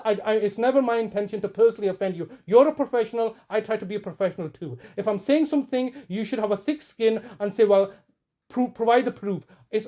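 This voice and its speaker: Brief: man, mellow tone, insistent and repetitive, halting delivery. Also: sits high. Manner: insistent, repetitive, stumbling restarts. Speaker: campaigner confronting a solicitor on a call. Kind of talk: heated phone argument, then commentary to camera.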